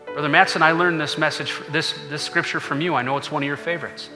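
A man's voice: fairly high pitch, steady tone, fast, reverberant, big-room sound, over music. A male pastor preaching a sermon to his congregation in a conversational way, with frequent asides to the listeners. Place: church sanctuary.

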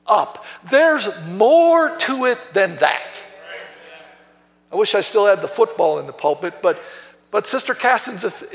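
A man's voice: very high-pitched, fairly bright tone, big-room sound. A man preaching a sermon as pastor, emphatic and quoting scripture from the pulpit in a church. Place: church sanctuary.

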